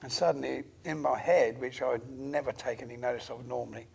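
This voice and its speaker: Gravelly, husky man. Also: mid-range voice, steady tone, darkish tone. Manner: hesitant, many pauses and fillers. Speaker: interview guest, healer. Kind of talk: halting conversational storytelling.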